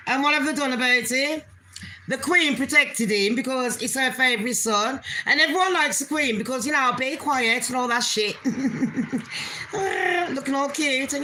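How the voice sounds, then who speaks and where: A woman's voice: high-pitched, unhurried, noisy background. A woman hosting her own channel, ranting bluntly in casual commentary and swearing heavily with open scorn. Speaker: channel host.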